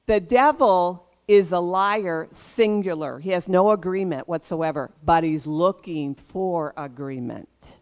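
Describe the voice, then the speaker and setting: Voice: medium pitch, takes it slowly, hardly any pauses. A pastor preaching a sermon, emphatic and leading the congregation in call-and-response.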